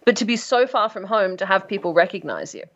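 A woman's voice: mid-range voice, lively intonation, fairly quick, fairly bright tone. A woman hosting a radio talk show, upbeat and breezy as she interviews her guest, in a slightly dull recording.

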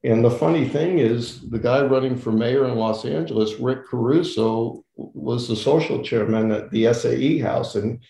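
Older male interview guest, gravelly, warm-toned, animated storyteller in an echoey room. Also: medium pitch, moderate pace, few pauses. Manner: animated storyteller acting out quoted voices, laughs often. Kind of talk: casual storytelling.

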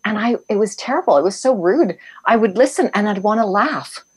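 A woman's voice: medium pitch, expressive, fairly quick, breathy edge. A woman in casual conversation, speaking reflectively and agreeably, with some restarts.

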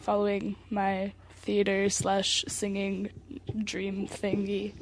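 A woman's voice: mid-range voice, completely flat delivery, slow, slight background noise. Teen girl, guest, bubbly, trailing off, laughs a lot. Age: teens. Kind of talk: casual chat.

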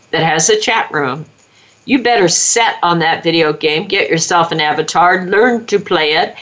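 A woman's voice: on the low side, a bit bright, muffled recording. A woman hosting a talk show, urging parents in an earnest, preaching monologue. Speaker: host.

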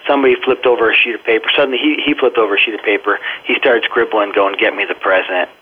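A man's voice: mid-range voice, racing, breathy edge. A man giving an earnest first-hand account as a guest in a radio interview, often restarting his phrases. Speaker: interview guest recounting events. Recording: tinny phone line.

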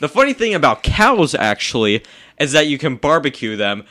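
Teen boy co-host, deadpan absurdist, bright and sharp in tone. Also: on the high side, normal speed. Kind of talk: goofy casual chat.

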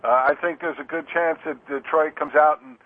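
Man, guest analyst, hesitant restarts, slightly high voice, phone-line sound. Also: fairly even intonation, normal speed, slightly rough. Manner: hesitant restarts, lots of "you know". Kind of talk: fantasy football analysis.

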